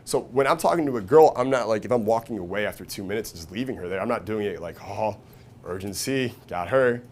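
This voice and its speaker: This seminar speaker talks fast in a lower-than-average male voice, running a profane, energetic live session and constantly tossing "right?" and "okay?" at the audience. Quoted voices become loud, high-pitched performances with sharp leaps in pitch and volume, over a faint bed of room noise.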